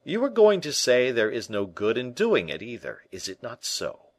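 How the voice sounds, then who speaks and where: A man's voice: mid-range voice, wildly swooping pitch, normal speed, no room sound, voice pushed up. A man doing a bold, teasing musketeer captain. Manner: bantering, emphatic.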